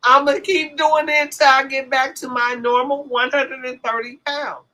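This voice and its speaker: Loud laughing woman, bright voice. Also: sits high, level tone, moderate pace, low-quality recording. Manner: loud, laughing, profane banter. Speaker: podcast host. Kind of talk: casual chat.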